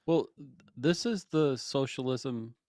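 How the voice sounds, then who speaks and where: A man's voice: medium pitch, takes it slowly, darkish tone, dry recording. Dry-witted male podcast co-host. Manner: short, dry, wisecracking interjections. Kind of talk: casual chat.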